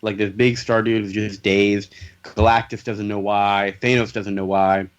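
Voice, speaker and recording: A man's voice: fairly low pitch, level tone, measured pace, smooth, lo-fi sound. A man hosting a casual comics podcast, summing up plot points in a joking, playful way and acting out lines. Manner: joking, summarizes plots with playful voiced quotes. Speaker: podcast host.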